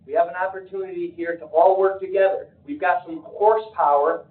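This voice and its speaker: A man's voice: high voice, fairly even intonation, fairly quick. Earnest man urging cooperation. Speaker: public commenter. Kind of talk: public comment at a county meeting. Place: county meeting room. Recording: distant, echoey, phone-like meeting audio.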